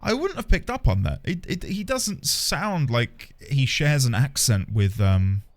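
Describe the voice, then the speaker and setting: A man's voice: medium pitch, unhurried. A man streaming a video game, chatting playfully and animatedly with his viewers. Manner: playful and animated, talking to chat. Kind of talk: casual gaming commentary.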